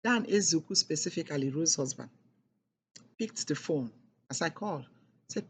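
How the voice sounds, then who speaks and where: A woman's voice: low-pitched, animated, normal speed, pauses often, slight background noise. A middle-aged woman telling a personal story in an emphatic, repetitive way, leaning hard on key words. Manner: emphatic and repetitive, with heavy stresses. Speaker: speaker sharing a personal testimony.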